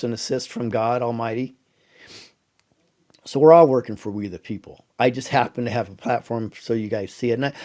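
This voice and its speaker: An animated male host answering viewer questions on a livestream. He tells stories with lively energy and stumbles over his words when moved. His pitch sits in an ordinary middle range. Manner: animated storyteller, halting and emotional when moved. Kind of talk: casual livestream Q&A.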